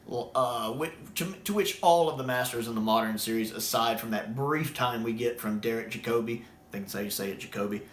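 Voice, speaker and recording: A man's voice: mid-range voice, echoey room, a little hiss or hum. A man from the United States, enthusiastically discussing a sci-fi show in casual talk and acting out quoted scenes. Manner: excited, quotes scenes in acted voices.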